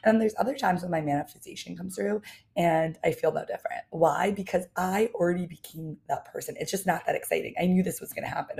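A young woman talks through her solo podcast in a low, mellow voice with a gravelly edge. She keeps it casual and emphatic, addressing her listeners directly like a coach. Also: brisk. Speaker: podcast host and business coach. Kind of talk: solo motivational podcast monologue.

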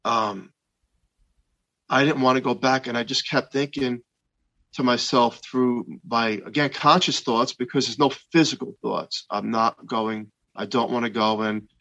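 A man in his fifties slowly and earnestly recounting a personal experience, with frequent pauses and restarts. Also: mid-range voice, steady tone, sharp tone, lo-fi sound. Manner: slow, halting, earnest retelling with many restarts. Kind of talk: personal testimony of a near-death experience.

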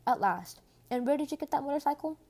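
A woman voicing a calm, wise elderly male wizard with dry humour. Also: sits high, fast, pitched above the performer's own voice.

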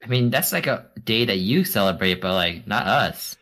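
A man's voice: on the low side, expressive, moderate pace, a bit bright. A man co-hosting a casual podcast, playing a quiz contestant and joking, protesting and swearing.

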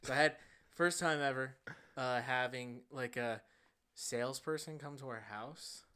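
A young man co-hosts a casual podcast in a rambling, self-deprecating way. His voice sits at a middling pitch, and his talk is loose and full of fillers. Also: measured pace, bright, forceful tone, clean tone. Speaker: podcast co-host. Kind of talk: casual chat.

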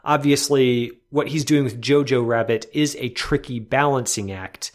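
A man hosts a film-review podcast in a measured, partly scripted way. His voice sits at an ordinary middle pitch, with an occasional small restart. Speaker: podcast host.

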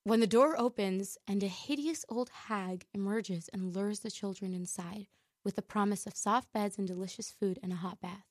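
A woman's voice: medium pitch, moderate pace, no room sound, clean studio sound. A woman co-hosting a radio show, chatting playfully with a laugh and reading a story aloud. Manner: giggly, playful. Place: radio studio.

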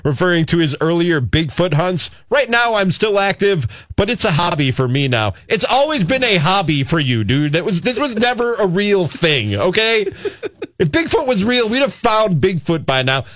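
Lively sarcastic man reading odd news. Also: high-pitched, no room sound. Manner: sarcastic, quick to mock the story he reads. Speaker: radio show co-host. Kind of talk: casual comedic banter and news reading.

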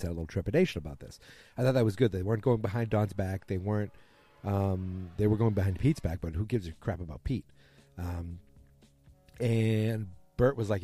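A man with a low, mellow voice hosts a podcast and recaps a TV episode in loose, casual talk. He corrects himself often and paraphrases the characters as he goes. Faint music plays behind him. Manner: rambling, self-correcting, quoting characters loosely. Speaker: podcast host.

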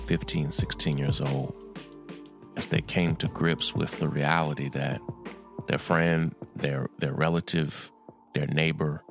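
A middle-aged man hosting a solo news commentary podcast, speaking earnestly and urgently with pauses and restarts. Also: rumbling low, creaky, dry recording, clean studio sound. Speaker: podcast host.

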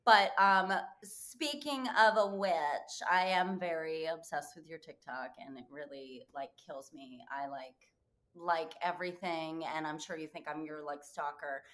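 A woman co-hosting a podcast, chatty and laughing, sometimes trailing into soft asides. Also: low voice, a little slow. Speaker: podcast co-host. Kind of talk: casual podcast interview.

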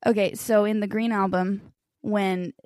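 A woman's voice: mid-range voice, fairly even intonation, a little slow, a little mellow, no room sound. A young woman co-hosting a podcast, chatting playfully and laughing often. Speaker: podcast co-host. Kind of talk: casual chat.

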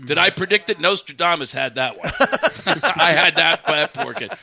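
Animated middle-aged man telling stories. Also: normal speed. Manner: animated, acts out quotes with loud high shouts. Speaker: comedian telling stories on a podcast. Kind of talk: casual storytelling chat.

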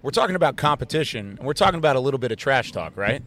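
A man's voice: medium pitch, lively intonation, rapid-fire, a bit bright. A man hosting a live sports podcast from a desk at a training camp, upbeat and laughing often as he steers the chat. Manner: upbeat, laughs often, repeats info for listeners. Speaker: podcast host.

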